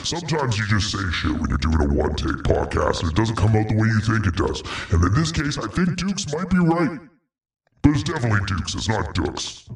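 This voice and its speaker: A man putting on a deep gravelly voice of reason. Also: sing-song, fairly quick, roomy sound, recorded from a distance. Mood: chiding.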